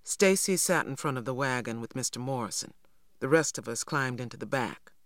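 A man narrating a novel as an audiobook reader, in steady, expressive storytelling. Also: medium pitch, a little fast, dry recording, clean studio sound. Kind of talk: scripted narration.

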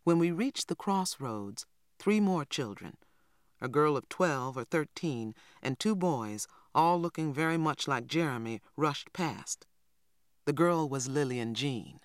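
A narrator reading an audiobook in a steady, even storytelling manner on a close studio mic. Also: mid-range voice, unhurried, no echo.

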